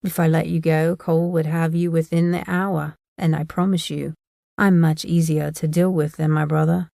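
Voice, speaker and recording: A woman reading as a cool, confident young male monster hunter in an audiobook, speaking softly and smugly. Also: sits low, level tone, normal speed, vocal fry, no room sound, studio quality. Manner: soft, smug, teasing.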